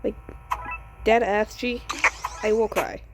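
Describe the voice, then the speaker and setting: A woman giving casual commentary while playing a game, excitable and laughing, swearing often. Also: mid-range voice, slow. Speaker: gamer. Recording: noisy background.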